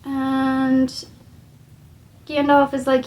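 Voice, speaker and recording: A woman's voice: a little high, measured pace, vocal fry, pauses often. A woman casually retelling a story in a rambling, chatty way.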